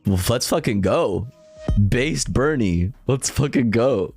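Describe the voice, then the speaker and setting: A man's voice: mid-range voice, expressive, takes it slowly, a little mellow, faint music behind. Profane, laughing male streamer. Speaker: livestreamer. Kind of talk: casual stream commentary.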